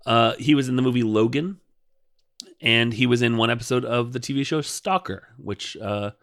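A man's voice: medium pitch, normal speed, fairly bright tone. A man co-hosting a podcast, chatting casually about a TV show with rambling asides and frequent laughs. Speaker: podcast co-host.

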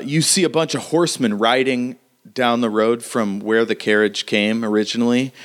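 A man narrating a tabletop game as game master, unhurried and hesitant, filling pauses with "uh". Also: medium pitch, fairly bright tone.

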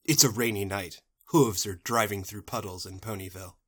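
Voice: low-pitched, brisk, slightly rough. A podcast co-host chatting casually and joking while recapping a cartoon. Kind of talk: casual chat.

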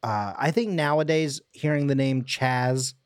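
A man's voice: mid-range voice, a little slow, clean tone, no room sound, studio quality. A man co-hosting a casual movie podcast, rambling playfully with many fillers. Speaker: podcast co-host.

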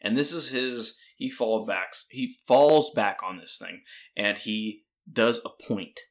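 A man's voice: fairly low pitch, takes it slowly. A man co-hosting a casual podcast about movies, rambling and joking, often stopping to restart his thoughts. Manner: rambling, joking, self-interrupting. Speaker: podcast co-host.

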